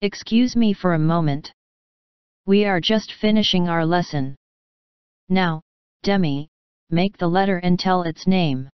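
Brief: woman voicing a composed elderly gentleman, dry close sound, unbothered. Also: lowish voice, measured pace, long pauses, clean tone, dry recording, dull audio, natural voice. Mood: dignified. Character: dignified elderly grandfather.

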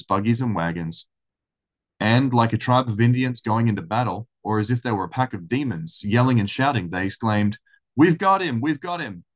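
A man reading a historical account aloud in steady storytelling, then commenting casually. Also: lowish voice. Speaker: religious study channel host.

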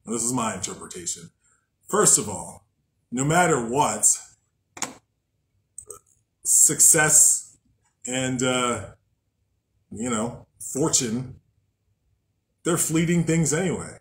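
A man's voice: medium pitch, animated, takes it slowly, long pauses, rough recording. A man hosting a podcast in a loose, profane, joking casual monologue. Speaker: podcast host. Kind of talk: casual monologue on spiritual practice.

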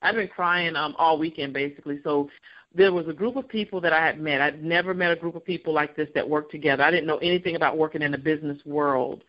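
Woman guest, lively personal storyteller who laughs through it and mimics others; muffled lo-fi sound. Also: deep voice, quick pace. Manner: animated, acts out voices of people in her story; laughs often while talking.

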